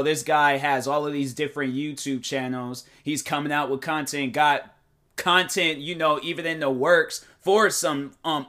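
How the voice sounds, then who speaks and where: A man hosting his own podcast, talking in a casual motivational monologue, animated and defensive, full of fillers and restarts. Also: fairly high pitch. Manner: defensive, emphatic. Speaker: podcast host and YouTuber. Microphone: desk microphone.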